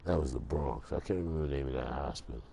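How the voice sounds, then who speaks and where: A man's voice: extremely low pitch, quick pace, creaky, warm tone, a little hiss or hum. A man ranting casually to camera in a streetwise, emphatic way. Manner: streetwise, emphatic, repeats "bro". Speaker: vlogger.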